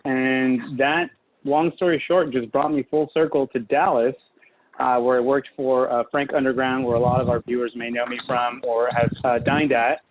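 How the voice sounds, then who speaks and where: A man's voice: medium pitch, flat delivery, normal speed. A man from California, a guest chef talking casually and enthusiastically, with many fillers, over a video call. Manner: chatty, filler-heavy, enthusiastic. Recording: tinny video-call audio, faint hiss.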